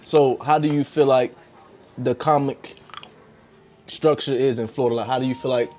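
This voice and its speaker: A man hosting a podcast interview, relaxed and slangy, often repeating words as he asks his questions. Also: medium pitch, moderate pace. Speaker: podcast host. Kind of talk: casual interview chat.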